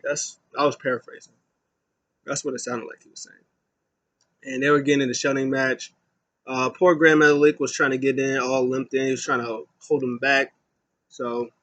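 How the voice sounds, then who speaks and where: A man's voice: medium pitch, fairly bright tone, highs cut off. Rambling young man recapping wrestling. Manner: rambling, many fillers, paraphrases with quick voices. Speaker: wrestling show reviewer. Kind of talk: casual recap.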